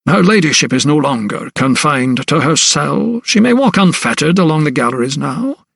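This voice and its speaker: A man's voice: lively intonation, normal speed, creaky, fairly bright tone, slightly rough, no echo, exaggerated voice. A haughty elderly asylum principal, as a male audiobook narrator puts him on, talking down to his visitor in a lifted, condescending tone. The voice is dry and close, with no room around it. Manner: condescending, pitched higher.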